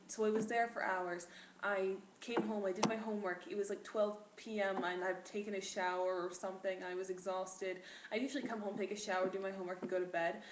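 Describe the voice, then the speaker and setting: Rambling teen girl vlogging in echoey room. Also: medium pitch. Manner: rambling, filler-heavy, self-deprecating. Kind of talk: casual chat to camera. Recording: echoey room with faint noise.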